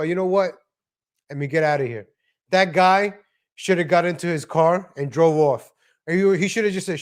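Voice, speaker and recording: A man hosting a live stream, commenting on viral videos in a blunt, profane, ranting way. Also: sits high. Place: lives in Texas.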